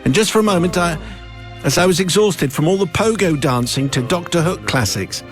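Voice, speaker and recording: A male radio host reads a listener's letter aloud with playful, theatrical amusement. His voice sits on the high side. Faint music plays under the studio mic. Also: animated, fairly quick.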